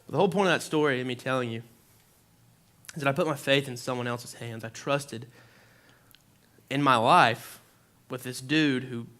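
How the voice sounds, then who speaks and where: This young man preaches casually in a church, his medium-pitched voice pushed and bright at a normal pace. Sharing a story from his own life, he sprinkles in plenty of "like" and plays out how he reacted.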